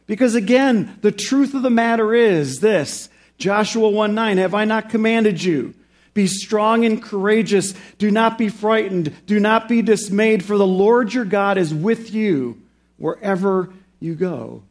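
High-voiced man preaching a sermon. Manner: preaches with slow, emphatic rises on key phrases; drops low and quiet for reflective points. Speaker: pastor.

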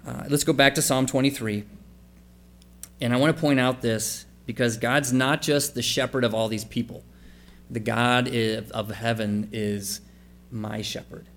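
A man's voice: mid-range voice, fairly even intonation, unhurried, fairly bright tone. A man preaching a sermon, reading scripture passages aloud and then explaining them in a conversational, questioning way. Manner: asks the congregation questions and spells out letters for emphasis. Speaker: pastor.

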